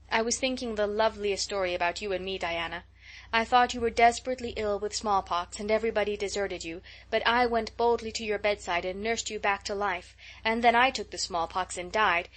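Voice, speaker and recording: Audiobook: woman reading a dramatic, gushing girl, mid-pitched voice. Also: fairly bright tone, close to an everyday voice. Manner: gushing, breathless storytelling. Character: chatty imaginative young girl, dramatic and excitable.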